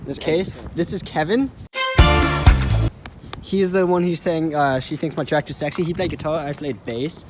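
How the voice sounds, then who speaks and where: A man's voice: fairly high pitch, normal speed, pauses often, loud music behind the voice. A young man filming a casual vlog with his friends, bossing them around and laughing. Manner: bossy, laughing, egging friends on. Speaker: vlogger. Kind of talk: casual chat among friends.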